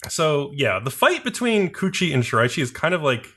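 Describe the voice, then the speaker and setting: A man's voice: a little high, big pitch swings, moderate pace, fairly bright tone, husky. A man casually recapping an anime episode on a podcast, rambling with lots of fillers. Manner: rambling, heavy use of "like" and fillers. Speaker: podcast co-host.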